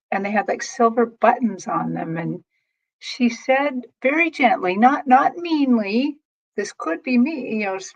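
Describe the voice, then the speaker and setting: A woman psychic medium giving a reading on a live stream, relaying messages in a gentle, halting way. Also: fairly high pitch, vocal fry, lo-fi sound.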